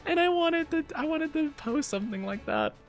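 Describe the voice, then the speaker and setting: A man's voice: very high voice, lively intonation, moderate pace, faint music behind. A man chatting casually on a live stream, giggling often and answering his chat.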